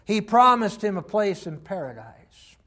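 Male preacher, high-pitched, impassioned sermon delivery with big swings in volume. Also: very animated, measured pace, a bit bright. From Texas.

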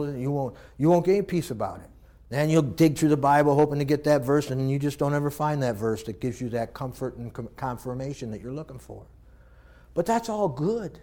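Impassioned man preaching a sermon. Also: on the high side. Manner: emotional, swings from loud to hushed.

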